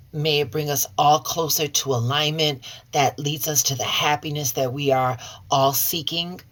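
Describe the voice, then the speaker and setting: Speaking directly to camera, this tarot and oracle reader from Chicago keeps things chatty and folksy, addressing viewers as y'all and honey. Her voice sits low, and her warmth toward her audience feels genuine.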